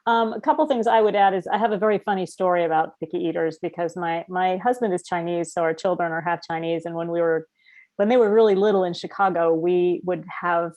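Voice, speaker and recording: Middle-aged woman, video-call panelist, storytelling with animated quotes and laughter. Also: fairly low pitch, fairly quick. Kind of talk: casual panel chat.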